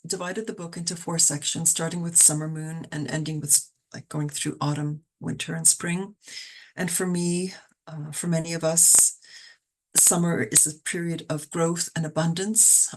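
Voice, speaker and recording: A woman from Canada hosts an online poetry reading. Her voice sits low and carries a gravelly edge. She talks in an easy, conversational way, with fillers and restarts.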